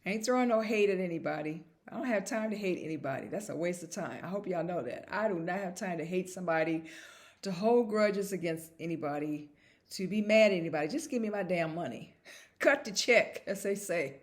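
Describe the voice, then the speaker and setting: A woman's voice: lowish voice, a little fast, darkish tone. A woman vlogger talking to camera in a casual monologue, emphatic and repetitive and chuckling at herself.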